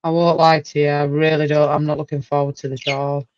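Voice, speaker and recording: A woman hosting a casual livestream chat, talkative and quick to exclaim. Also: deep voice, flat delivery, darkish tone, lo-fi sound. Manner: chatty, exclaims and laughs often. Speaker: livestream host.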